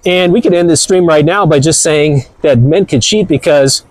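A man's voice: on the high side, moderate pace, rough recording. A man hosting a live-stream commentary, talking in a provocative, rambling way with crude jokes. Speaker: channel host.

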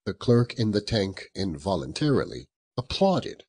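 A man narrating a storybook in a slow, expressive, chuckling way. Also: lowish voice, slightly rough. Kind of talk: audiobook narration.

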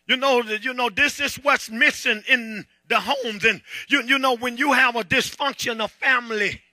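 High-voiced preacher shouting in church. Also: male voice, steady tone, normal speed, no echo. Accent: Southern American. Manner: preaching with call-and-response, shouting and half-singing. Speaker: pastor. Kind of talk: sermon. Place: church sanctuary.

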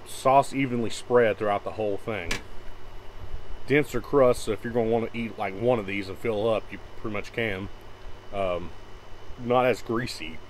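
A man's voice: fairly low pitch, slight background noise, rough recording. A man co-hosting a casual food review, giving blunt, opinionated verdicts. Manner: blunt, opinionated, frugal-minded. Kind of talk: casual chat.

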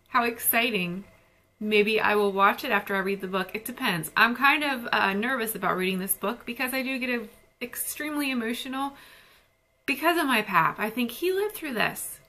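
A woman's voice: a little high, expressive, normal speed, pushed and bright. A young woman chatting casually and gushing about books she received. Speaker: book vlogger. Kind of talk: casual book haul chat.

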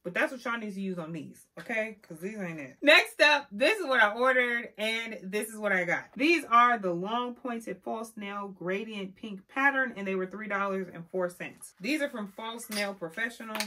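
Sassy woman doing a nail haul review, mid pitch, keeps saying honey. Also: moderate pace, few pauses. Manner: sassy, animated, says "honey" and "child" a lot. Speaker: beauty vlogger. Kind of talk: casual product review.

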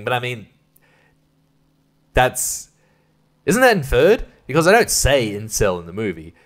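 A man runs a solo podcast in a loose, rambling rant. He swears often and trails off into asides. His pitch is ordinary for a man. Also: sing-song, measured pace, pauses often. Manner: profane, rambling, laughs at his own jokes. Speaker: podcast host.

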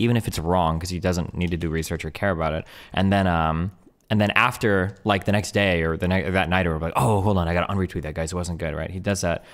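A man hosting a casual reaction commentary, sarcastic and loose, full of fillers like "um" and "like". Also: sits low. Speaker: streamer and host.

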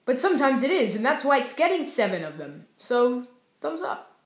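A woman's voice: high voice, big pitch swings, moderate pace, roomy sound. A young woman casually reviewing TV shows in a goofy, playful way, breaking into sing-song cheers. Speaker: YouTube TV show reviewer.

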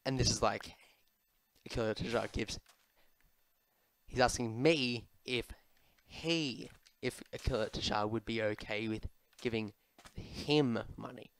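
A young gaming video host plays a game and rambles through viewer questions, full of ums, restarts and self-mocking asides, his throat a little sore. His voice is mid-range, a little slow, gravelly and fairly bright, and the recording is rough.

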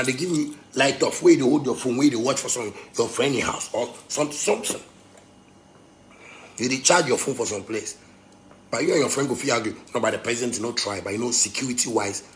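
A man from Ghana with a Ghanaian Pidgin English accent, ranting angrily, swinging between shouting and low muttering. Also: a little fast, a little hiss or hum. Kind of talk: angry rant.

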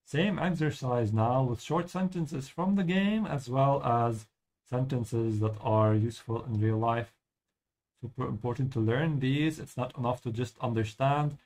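A man hosting a live-streamed lesson, explaining German pronunciation slowly and switching between English and German. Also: mid-range voice, a little mellow. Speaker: language teacher and stream host.

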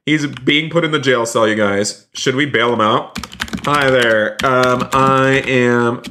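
An eager man commentates his game stream in a voice of ordinary pitch. He narrates every move to his viewers with constant exclamations and says many lines twice. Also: fairly even intonation, slow, bright, forceful tone, slight background noise. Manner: repeats phrases, keeps saying "you guys". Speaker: streamer playing a roleplay game.

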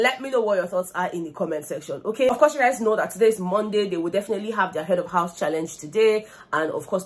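A young woman with a Nigerian accent giving gossipy, animated commentary on a reality show, slipping into Pidgin. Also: on the low side. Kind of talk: casual vlog commentary.

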